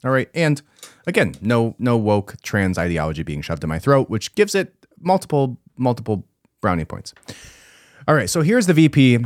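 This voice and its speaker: A man's voice: medium pitch, big pitch swings, moderate pace, no echo, clean studio sound. A man hosting a podcast, giving casual, emphatic commentary and repeating his points for force. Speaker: podcast host.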